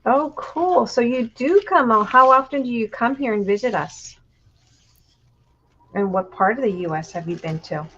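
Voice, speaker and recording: A woman's voice: a little high, lively intonation, normal speed, fairly bright tone, dull audio. A woman from Texas chatting casually while crafting on a live stream, friendly and full of fillers.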